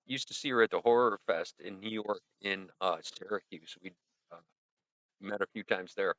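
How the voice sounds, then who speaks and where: Upbeat rambling middle-aged man, bright voice. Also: moderate pace, no echo. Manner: rambling, upbeat, punctuates with "boom". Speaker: livestream host. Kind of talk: casual livestream chat reviewing viewer art. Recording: dull lo-fi stream audio.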